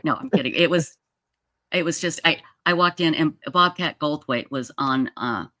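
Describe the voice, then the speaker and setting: A woman hosting a livestream, telling a story in a casual, animated way with plenty of restarts, speaking over a video call. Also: low-pitched, moderate pace. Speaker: livestream host.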